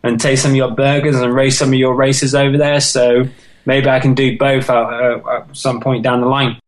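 A British man, a podcast guest, telling his life story in an earnest, halting, emotional way. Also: medium pitch, level tone, low-quality recording. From United Kingdom. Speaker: podcast guest, marathon runner. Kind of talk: personal life story in an interview.

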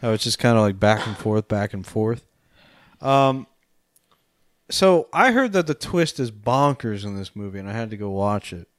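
A man's voice: lowish voice, big pitch swings, normal speed, no room sound, studio quality. A man co-hosting a podcast, casually recapping a film, laughing often and swearing as he acts out scenes. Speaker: podcast co-host. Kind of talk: casual movie-review chat.

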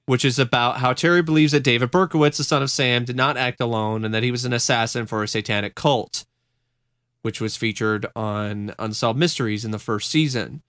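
A man's voice: medium pitch, a little fast, a bit bright, clear, resonant tone, dry recording, clean studio sound. A man hosting a casual podcast, telling a story in a wry, rambling way with frequent laughs. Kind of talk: casual chat.

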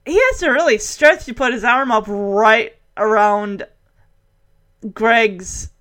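A woman giving a casual, animated recap of a TV episode, laughing as she acts out the characters. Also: a little high, slow pace. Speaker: show recap host.

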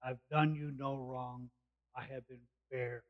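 A man's voice: mid-range voice, level tone, slow. A man preaching a sermon, explaining a passage verse by verse in plain, conversational words. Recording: dull lo-fi recording.

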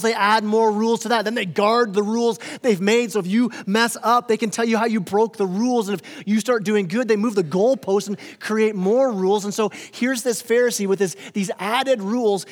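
A man preaching a sermon as pastor, conversational and playful, now and then acting out voices of the people in his story. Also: sits high. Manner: conversational, playful, acts out quoted characters. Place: church sanctuary. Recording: long hall reverb.

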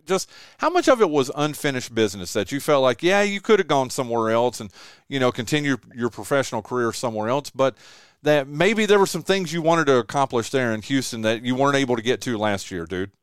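A man's voice: mid-range voice, expressive, fairly quick, smooth, dry recording. A man hosting a radio show, chatting casually and speaking with effusive enthusiasm. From eastern North Carolina. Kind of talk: casual radio interview chat.

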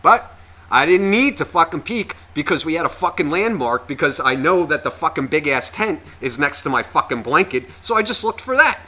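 A man's voice: on the high side, very animated, moderate pace, sharp tone. A man co-hosting a podcast, telling a long story in a profane, exasperated, ranting way. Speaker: podcast co-host.

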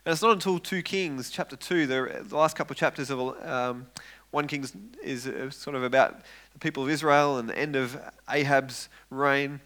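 A man preaching a sermon, retelling a story with lively acted-out quotes and frequent repeated words. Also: mid-range voice, moderate pace. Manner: animated, acts out quoted voices, repeats words when excited.

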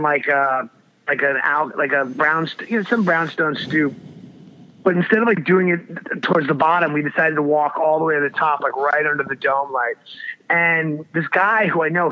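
A man's voice: a little high, pushed and bright. A man telling a wild story in casual chat, rambling and swearing with lots of restarts. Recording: dull lo-fi audio.

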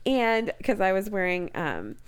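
A woman's voice: medium pitch, unhurried, clear, resonant tone. A woman in her thirties telling a story in casual comedic chat, swearing freely and acting out the people in it. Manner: profane, animated storytelling with laughs. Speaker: podcast co-host telling a story.

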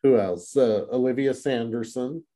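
Mellow-voiced man chatting about a book. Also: mid-range voice, unhurried. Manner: rambling, many restarts and fillers. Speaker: podcast co-host. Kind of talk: casual book discussion.

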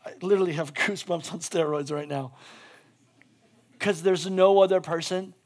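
A male pastor delivers a sermon in a high, bright-toned voice. He talks casually with lots of "like" fillers, jumping between loud, excited bursts and quiet, intimate asides. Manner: animated, quick shifts between loud bursts and hushed asides.

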